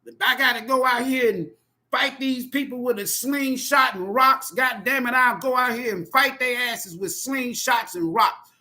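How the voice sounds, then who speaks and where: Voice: medium pitch, normal speed, bright, forceful tone. A tarot reader delivering an impassioned spoken monologue in a profane, emphatic, preachy way.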